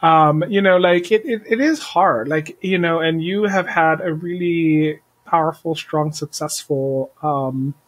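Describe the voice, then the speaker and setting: Rambling husky-voiced interview host. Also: medium pitch, measured pace, hardly any pauses, low-quality recording. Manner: rambling, hedging with "right?" and "like". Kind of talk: interview questions.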